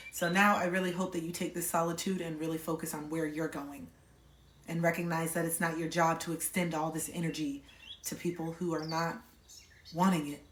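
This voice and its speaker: A woman's voice: lowish voice, far from the mic. A woman reading tarot for a live audience in a reassuring, intimate way. She keeps circling back to her points and checking in with her listeners. Her voice carries some room echo and sits a little back from the mic, with a faint hiss behind it. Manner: intimate, reassuring, repeats phrases, checks in with "okay?". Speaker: tarot reader.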